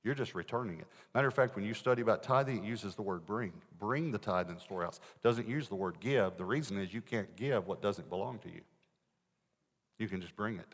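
A man preaching a sermon, telling a personal story and swinging between loud emphasis and hushed asides. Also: fairly low pitch, brisk. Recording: echoey hall.

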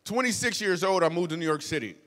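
Animated man on stage, big hall echo. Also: high-pitched, quick pace. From Michigan. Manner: animated, playful, shifts between hushed asides and loud outbursts. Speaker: stand-up comedian. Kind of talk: stand-up storytelling. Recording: long hall reverb.

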